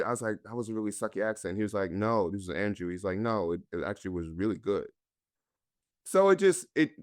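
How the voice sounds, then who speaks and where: Low smooth-voiced guy from north carolina, earnest and reflective, dry close mic. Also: dry recording. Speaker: actor guest. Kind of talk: candid conversational storytelling.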